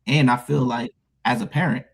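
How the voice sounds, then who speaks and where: A man in his thirties speaking as a panelist, sincere and halting with frequent restarts, about being a stepparent. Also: medium pitch, fairly even intonation, creaky, slightly rough. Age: 30s. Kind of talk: candid panel discussion.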